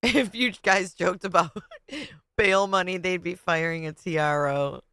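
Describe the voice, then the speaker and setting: Slow sarcastic streamer heckling a clip, bright clear voice, dry sound. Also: mid-range voice, no echo. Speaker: livestream commentator. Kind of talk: mocking reaction commentary.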